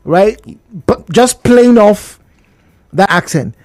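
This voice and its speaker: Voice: mid-range voice, takes it slowly, no echo. Radio host, dry close studio sound, probing, stop-start phrasing. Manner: animated, probing, hesitant restarts. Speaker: radio talk show host. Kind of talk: live radio discussion.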